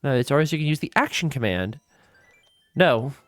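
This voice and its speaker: A woman's voice: rumbling low, lively intonation, normal speed, no room sound, clean studio sound. A woman giving casual, rambling let's play commentary, swearing freely as she goes. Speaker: gaming streamer.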